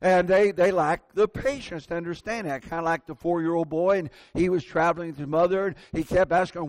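A man's voice: high-pitched, a little fast, few pauses, a little mellow, no echo. An older man preaching a sermon, telling folksy, self-deprecating stories from everyday life.

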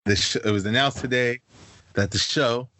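A man's voice: mid-range voice, moderate pace, bright, forceful tone, dry recording. A young man co-hosting a casual podcast, earnestly explaining with lots of fillers. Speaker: podcast co-host. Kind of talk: casual chat.

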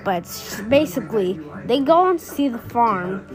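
A woman's voice: a little high, animated, measured pace. A woman casually retelling a cartoon episode she made up, rambling and correcting herself, with exasperated asides. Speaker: storyteller. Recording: music playing underneath.

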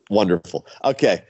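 A man's voice: fairly low pitch, no echo, muffled recording. A man, a wrestler guest, telling stories in casual chat, acting out quotes and laughing often. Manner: animated storyteller, acts out quotes, laughs often.

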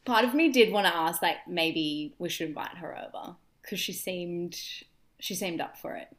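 An Australian woman in her thirties hosting a podcast, telling travel stories in casual chat with deadpan asides. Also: on the low side, moderate pace. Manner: chatty storyteller with deadpan asides. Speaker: podcast host.

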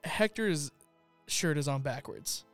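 Lively jokey man on a podcast. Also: fairly high pitch, slow, faint music behind. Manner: jokey, teasing, playful. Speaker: podcast co-host. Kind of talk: casual chat.

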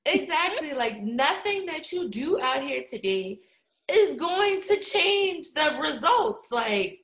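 Woman, high voice, animated casual chat, profane and quick to laugh.

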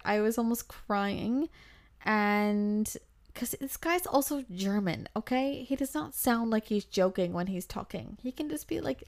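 A woman in her twenties who hosts a podcast, telling a travel story in a lively, breathless way and acting out the quotes. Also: medium pitch. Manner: animated, breathless, acts out quotes. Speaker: podcast host. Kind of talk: casual storytelling.

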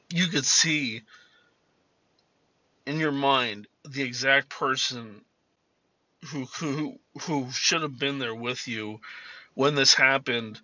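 A man in his fifties with a very sharp, bright tone, rambling through personal stories with lots of swearing and restarts. He speaks in a car, and the recording is dry and a little dull. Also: mid-range voice, no echo. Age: 50s. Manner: rambling and profane, many restarts. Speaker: podcast host. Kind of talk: casual personal storytelling.

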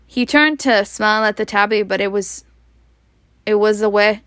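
A woman reading a storybook aloud, halting and rereading words she stumbles on. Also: medium pitch, fairly bright tone, clear, resonant tone, no room sound, clean studio sound.

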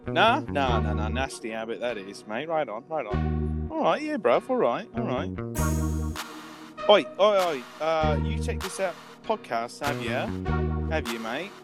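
A man's voice: fairly high pitch, very animated, unhurried, over loud music. A man doing a put-on Cockney accent as a chummy London bloke cadging a cigarette. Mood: cheeky, wheedling. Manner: pushy, chummy, slangy patter.

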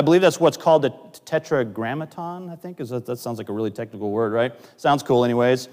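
Male pastor, sermon delivery, mid-pitched voice, loud emphases and quiet asides, hall echo. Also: quick pace, hardly any pauses. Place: church sanctuary. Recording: long church hall reverb.

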